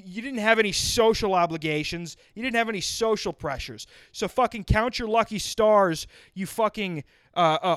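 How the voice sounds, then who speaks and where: Male podcaster, fed-up profane rant, smooth resonant voice, dry close sound. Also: high-pitched, a bit bright, no echo. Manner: exasperated, profane ranting with sarcastic tangents. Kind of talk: solo comedic rant.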